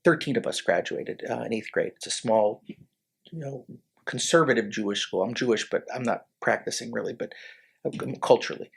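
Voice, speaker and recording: A man in his forties, a lawyer, recounts his past in a loose conversational way. His voice is gravelly and somewhat husky, and he stumbles and restarts often, moved by his memories. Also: mid-range voice. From Connecticut, USA. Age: 40s. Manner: halting, many restarts, emotional, choked up. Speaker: lawyer, podcast guest. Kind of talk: casual storytelling interview.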